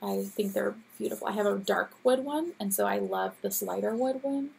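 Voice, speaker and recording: A woman in her thirties chats in a relaxed, gushing way, laughing easily. Her voice is gravelly and husky, a little scratchy today. She sits at a middle pitch. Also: moderate pace. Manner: chatty, gushing, laughs often. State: teary. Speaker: podcast host. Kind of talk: casual chat.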